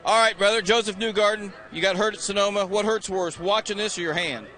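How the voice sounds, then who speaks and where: A man in his sixties works as a pit reporter outdoors on a racing grid, out of breath as he does live interviews. He jokes, teases drivers and shouts greetings in a high, steady voice at a fairly quick pace.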